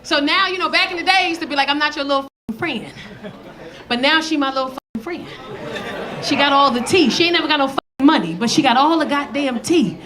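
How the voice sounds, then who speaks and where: A loud, high-voiced woman in her 40s does a brisk stand-up set on a comedy club stage, telling animated stories and shouting her punchlines. The live club recording picks up the audience laughing.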